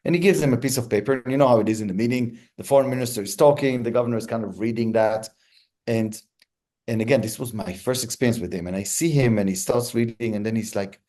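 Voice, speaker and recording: A man's voice: lowish voice, a little fast. A man being interviewed as a hostage negotiator, telling stories reflectively with frequent restarts. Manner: thoughtful, many restarts, relaxed storytelling pace.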